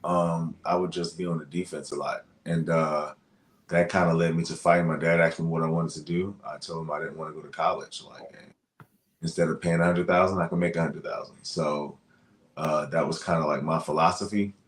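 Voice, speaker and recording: A man from Louisiana, a guest boxer, chatting in an interview, talking fast with lots of fillers as he tells stories. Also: a bass voice, level tone. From Louisiana, USA. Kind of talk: casual interview chat. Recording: echoey room.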